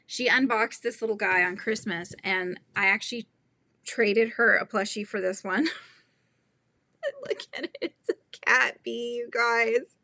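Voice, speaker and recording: A woman's voice: fairly high pitch, fairly even intonation, unhurried, sharp tone, no echo. A middle-aged woman hosting a crochet livestream, chatting casually, giggling and reading the chat aloud.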